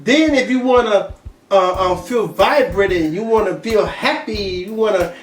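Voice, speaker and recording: High-voiced animated man, roomy distant sound. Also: normal speed. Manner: animated, scats rhythms and laughs often. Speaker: podcast co-host. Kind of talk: casual chat. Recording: roomy, far from mic, faint music.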